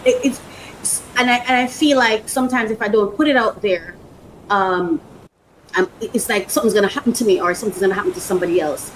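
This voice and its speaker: A woman's voice: mid-range voice, quick pace, a little hiss or hum, poor audio. A woman hosting a casual unboxing vlog, rambling, emotional and repeating herself. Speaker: podcast host.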